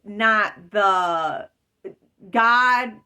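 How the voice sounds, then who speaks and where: A woman's voice: mid-range voice, very slow, sharp tone, clean tone. A woman telling a story about a dream in a rambling, emphatic way, piling on detail as she goes. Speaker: vlogger. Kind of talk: casual storytelling.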